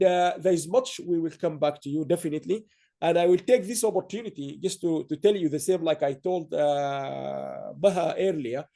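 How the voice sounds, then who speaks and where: High gravelly-voiced male awards host. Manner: rambling, warm praise with many restarts. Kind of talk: online awards ceremony speech.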